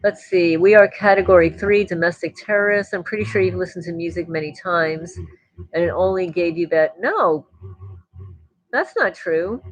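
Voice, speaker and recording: A woman's voice: lowish voice, normal speed, no echo, low-quality recording. Chatty woman hosting a livestream. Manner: rambling, chatty, reads and answers viewer comments. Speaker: livestream host. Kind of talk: casual livestream chat.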